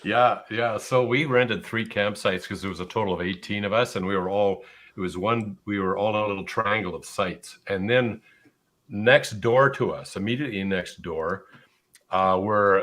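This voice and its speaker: Low-voiced man telling a camping story. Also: fairly bright tone. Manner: laughs easily, storytelling. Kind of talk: casual conversation.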